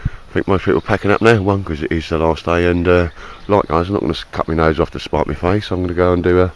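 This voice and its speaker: A man's voice: low voice, steady tone, fast, rough recording. A man from London with a Cockney accent, chatting casually to camera in a vlog, joking and rambling with plenty of filler words. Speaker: vlogger.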